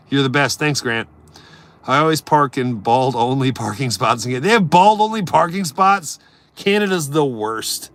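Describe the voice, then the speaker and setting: Unhurried and leaving long pauses, this man hosts a relaxed live stream, joking and answering chat. His mid-range voice has lively intonation, jumping from loud bursts to mumbled asides.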